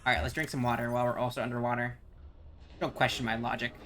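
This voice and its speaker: A man's voice: medium pitch, little pitch movement, fast, a bit bright, a little hiss or hum. Playful man streaming a game. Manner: playful, joking, stumbles reading aloud. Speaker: gaming streamer. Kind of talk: casual game commentary.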